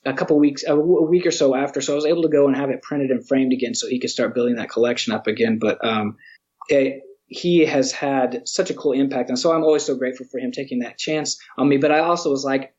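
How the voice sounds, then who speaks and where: A man telling a lively story in an interview, acting out what people said and laughing often. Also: medium pitch, fast, dull audio. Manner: animated storyteller, acts out quotes, laughs often. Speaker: interview guest, museum educator.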